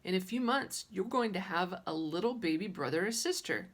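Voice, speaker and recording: A woman's voice: lowish voice, normal speed. A woman reading as a patient young mom. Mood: gentle. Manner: calm, explaining. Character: patient, gently teasing young mother. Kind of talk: children's audiobook reading.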